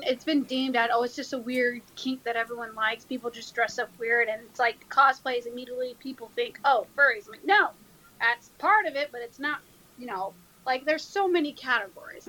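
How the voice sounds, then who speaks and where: A woman with a fairly high, bright voice talks as a guest on a casual interview. She chats in a lively, animated way, laughing often between her answers. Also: poor audio. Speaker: guest cosplayer.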